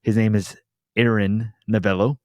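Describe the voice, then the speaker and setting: A man's voice: on the low side, little pitch movement, normal speed, a little mellow, no echo, studio quality. A man co-hosting a podcast, introducing his guest and chatting in an easygoing way. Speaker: podcast co-host. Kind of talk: casual podcast chat.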